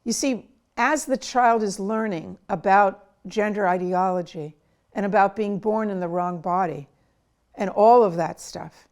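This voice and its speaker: A woman's voice: medium pitch, darkish tone. A middle-aged woman, a child psychiatrist, giving earnest advice to parents in an interview and sometimes acting out what parents and children say. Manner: slow, earnest, acts out quoted dialogue.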